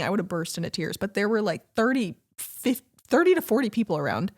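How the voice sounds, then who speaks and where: A young woman co-hosting a casual couples podcast, chatty and quick to laugh as she tells stories. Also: medium pitch. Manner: chatty storyteller, animated, laughs often. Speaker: podcast co-host. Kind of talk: casual chat.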